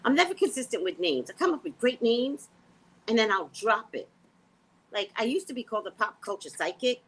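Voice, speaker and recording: A woman's voice: fairly high pitch, brisk, husky. A woman psychic hosting her own vlog, rambling bluntly and casually. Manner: animated, blunt, sings and repeats phrases.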